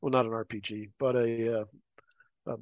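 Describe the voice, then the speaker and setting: Animated storytelling man, dry close sound. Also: medium pitch, normal speed, no room sound, dull audio. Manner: animated anecdotes, acting out quoted voices, laughing. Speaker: podcast guest, former paramilitary officer. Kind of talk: casual storytelling interview.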